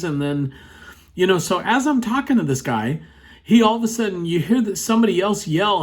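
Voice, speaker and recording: A man's voice: high voice, normal speed. A man telling a personal story in a casual, rambling way, full of "you know" fillers, sitting at his computer indoors.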